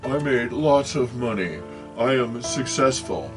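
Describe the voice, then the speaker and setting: A smug rich man boasts in a slow, self-satisfied drawl, as an older man puts him on. The voice stays close to an ordinary everyday register, with faint guitar music underneath. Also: mid-range voice, expressive, close to an everyday voice.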